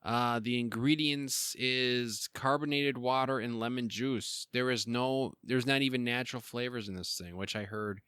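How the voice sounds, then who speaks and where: A man's voice: medium pitch, steady tone, moderate pace, few pauses, a bit bright, clear, resonant tone, dry recording. Middle-aged male podcast host, rambling casual talk, heavy breathing, dry close sound. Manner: rambling, chatty, self-deprecating with frequent fillers. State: breathing heavily. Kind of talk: casual solo podcast chat.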